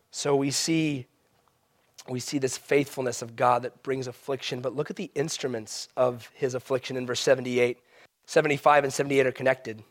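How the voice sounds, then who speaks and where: A man preaching a sermon as a pastor, swinging between loud emphatic rises and quiet, soft drops. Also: a little high.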